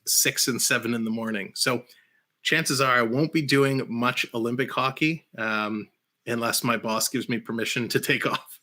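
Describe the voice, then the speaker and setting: Big plays make this man burst out shouting as he hosts an easygoing hockey live-stream of play-by-play and conversation. His voice is mid-range.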